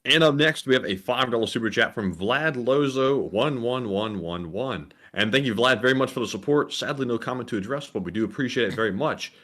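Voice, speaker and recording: A man's voice: medium pitch, brisk, few pauses, fairly bright tone. A man co-hosting a livestream, reading out donor names and messages and sometimes stumbling over names. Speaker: co-host reading donations.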